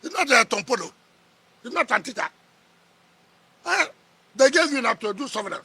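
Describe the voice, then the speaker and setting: A man's voice: very high-pitched, sing-song, a little fast, pushed and bright, breathy edge, dry recording. A middle-aged man with a Nigerian accent, a politician sparring in a heated press interview, combative and scoffing, repeating his words.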